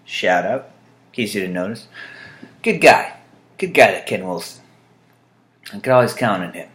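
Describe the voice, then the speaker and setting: A man rambling to his camera in a loose, jokey monologue. His pitch swings freely, and he drifts between asides with plenty of ums. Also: expressive, normal speed, fairly bright tone. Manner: dry, jokey, meandering with fillers. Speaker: vlogger.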